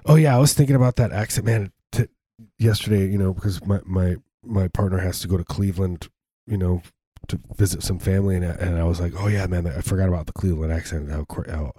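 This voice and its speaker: A man's voice: deep voice, fairly even intonation, fast, dark tone, slightly rough, dry recording, clean studio sound. A man from the Chicago area in an improvised comedy chat, joking and slipping into silly put-on voices. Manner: jokey, slips into put-on voices.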